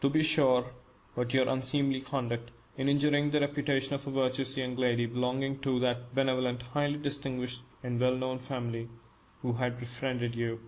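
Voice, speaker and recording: A man's voice: mid-range voice, little pitch movement, a little fast, close to an everyday voice, poor audio. A man voicing a stern, curt senior official who speaks emphatically.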